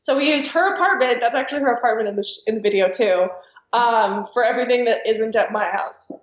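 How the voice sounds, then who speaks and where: A young woman with a slightly high voice chats as a podcast guest, rambling with lots of ums and likes. The sound is roomy and a bit muffled. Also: fast talker. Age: young adult. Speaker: guest, actress and singer. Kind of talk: casual podcast chat.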